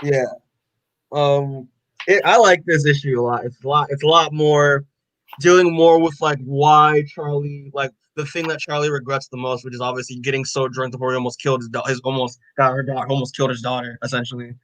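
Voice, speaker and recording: A man's voice: medium pitch, steady tone, fairly quick, fairly bright tone, poor audio. A man on a podcast, recapping a comic in a loose, rambling way, full of fillers and swearing. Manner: rambling, profane, heavy with fillers. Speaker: podcast co-host. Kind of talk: casual chat recapping a comic.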